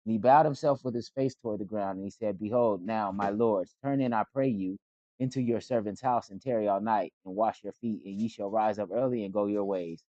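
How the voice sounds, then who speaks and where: A man reads scripture aloud in a steady, plain delivery. His voice is on the low side. The recording is dry and slightly dull. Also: fairly quick, no echo. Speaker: scripture reader.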